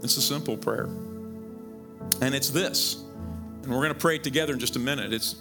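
A middle-aged male pastor from Missouri preaching a sermon in a conversational way, repeating words and jumping up in pitch to stress his points. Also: a little fast, vocal fry, long pauses, music in the background. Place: church sanctuary.

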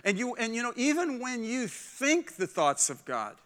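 A middle-aged man preaching a sermon as pastor, animated and acting out the voices of people in his stories. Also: extremely high pitch, moderate pace.

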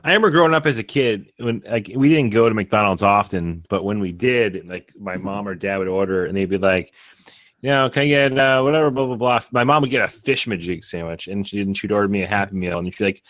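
A man co-hosting a podcast, telling animated stories from his childhood and daily life. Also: lowish voice, a little fast, no echo. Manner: animated anecdotes. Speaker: podcast co-host. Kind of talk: casual storytelling.

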